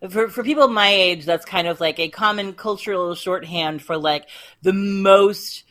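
A woman's voice: medium pitch, measured pace, a bit bright. A woman appearing as a guest on a podcast, talking things through thoughtfully in a casual discussion, with frequent restarts. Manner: thoughtful, talks in restarts and trailing phrases.

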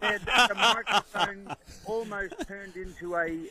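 Man, high voice, rambling mock-serious raconteur, crowd noise behind. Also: fairly even intonation, unhurried, poor audio. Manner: rambling mock-grand storytelling. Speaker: guest commentator. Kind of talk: comic radio chat.

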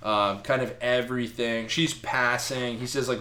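A man hosting a casual podcast chat, recapping a comic in an animated, profane way. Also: mid-range voice, measured pace, hardly any pauses. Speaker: podcast host.

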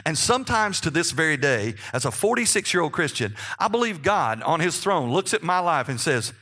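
A man's voice: fairly high pitch, very animated, a little fast, hardly any pauses, bright, forceful tone. A man in his fifties, a pastor preaching a sermon in church, talking conversationally and often checking in with his listeners. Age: 50s.

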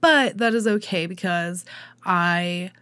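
A woman's voice: lowish voice, slow, bright, forceful tone, smooth, no room sound. A woman hosting a podcast while sick with a cold, her voice nasal, chatty and self-deprecating as she reads out news. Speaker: podcast host. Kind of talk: casual podcast news update.

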